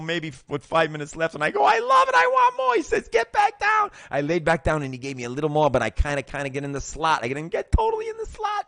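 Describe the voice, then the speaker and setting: Animated, profane man telling his story. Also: mid-range voice, dry recording, clean studio sound. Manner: emotional, profane, animated retelling with acted-out voices. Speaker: host. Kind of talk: casual personal storytelling.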